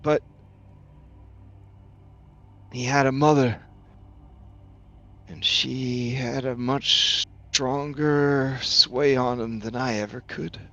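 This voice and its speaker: A man's voice: mid-range voice, fairly even intonation, pushed and bright, muffled recording, voice pushed up. A man voicing a scared, stammering goblin. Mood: regretful. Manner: halting, nervous, stammering. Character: frightened goblin alchemist trapped in a tank.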